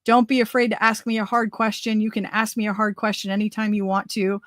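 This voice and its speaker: A woman in her forties hosts a political livestream talk show, talking in an energetic, rambling, conversational way while losing her voice. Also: mid-range voice, fairly quick, dry recording. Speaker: host.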